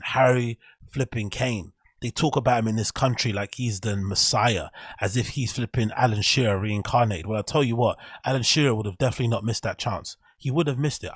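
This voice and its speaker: A man's voice: on the low side, vocal fry, breathy edge, no echo. A young man with an English accent, hosting a casual solo show and ranting with frustration and frequent swearing. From England. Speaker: show host.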